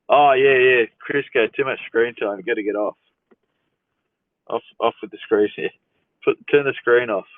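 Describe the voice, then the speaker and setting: A man's voice: mid-range voice, measured pace, long pauses, no room sound. Easygoing man on a tinny phone stream. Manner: easygoing, amused, chuckles often, reads viewer questions aloud. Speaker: livestream host answering chat. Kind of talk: casual live Q&A chat. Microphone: phone livestream. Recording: dry, tinny phone-like sound.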